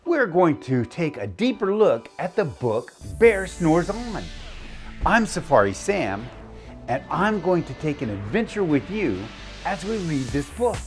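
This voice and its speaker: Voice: medium pitch, sing-song, unhurried, faint music behind. An encouraging teacher reading a picture book aloud to young children, stopping to ask them to repeat new words. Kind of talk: interactive read-aloud lesson for young children.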